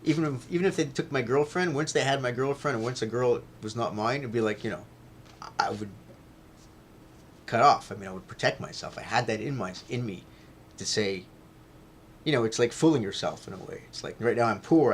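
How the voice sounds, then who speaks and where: A man's voice: medium pitch, a little fast, slight background noise. Rambling man talking straight to camera. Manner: rambling, repeats himself, swears, grows loud when retelling a fight. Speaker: vlogger. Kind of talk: casual rambling monologue.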